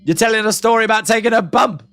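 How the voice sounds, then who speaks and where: A man commentating casually over a live stream, chatty and quick to laugh at what he hears. His voice sits a little high, and the sound is dry and close to the mic. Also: fairly bright tone, clear, resonant tone, dry recording, faint music behind. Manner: chatty, reacting with laughs and asides. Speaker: host of a wrestling watch-along stream.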